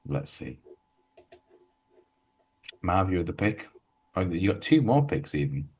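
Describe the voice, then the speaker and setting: A man's voice: deep voice, big pitch swings, takes it slowly, a little mellow, breathy edge. A man co-hosting a casual golf podcast, rambling and jokey as he talks through his betting tips. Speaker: podcast co-host.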